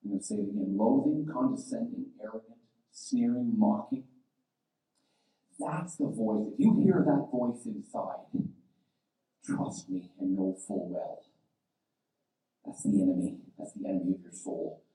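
A man preaching a sermon as pastor, building from quiet explanation to loud, impassioned calls to his church. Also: on the low side, animated, moderate pace. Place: church sanctuary. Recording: echoey church from a distance.

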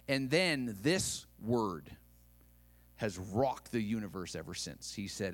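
A male pastor preaching a dramatic sermon, dropping to a hush and then rising loud. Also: fairly low pitch, lively intonation, takes it slowly.

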